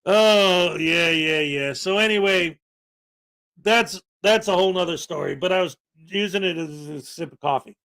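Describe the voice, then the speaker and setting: Speaking at normal speed in a high, bright, pushed voice, this man hosts a podcast. He spins a rambling, casual story, laughing and acting out the lines of the people involved.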